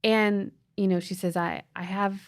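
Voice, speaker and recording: A woman's voice: mid-range voice, fairly even intonation, measured pace, dry recording, studio quality. A middle-aged woman co-hosting a podcast, telling a family story in an earnest, emotional way, with frequent restarts. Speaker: podcast co-host, mother. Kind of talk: casual storytelling chat.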